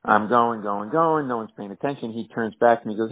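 A male comedian telling lively anecdotes in a podcast interview, acting out the people in his stories. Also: fast, few pauses. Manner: animated, acts out quoted characters in higher voices. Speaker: comedian guest. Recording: tinny phone-like audio.

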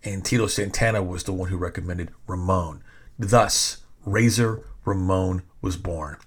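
A man's voice: low-pitched, unhurried, husky. Rambling man in his forties hosting. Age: 40s. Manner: rambling, filler-heavy. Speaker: podcast host. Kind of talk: casual monologue.

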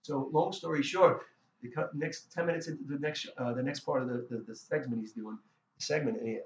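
A middle-aged man, a guest musician, telling a story in a casual interview, animated and full of restarts and stammers. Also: medium pitch, a little fast, a little hiss or hum. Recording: roomy, dull lo-fi sound.

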